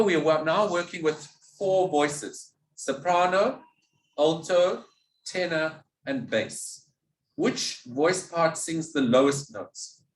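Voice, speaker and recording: A man giving a music theory lecture, patiently asking questions and answering them himself. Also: fairly high pitch. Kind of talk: classroom lecture. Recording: echoey room, mic at a distance.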